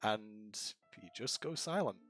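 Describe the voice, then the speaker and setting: A man narrating a tabletop game as game master over a voice call, relaxed and rambling with many fillers. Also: fairly low pitch, a little slow, faint music behind.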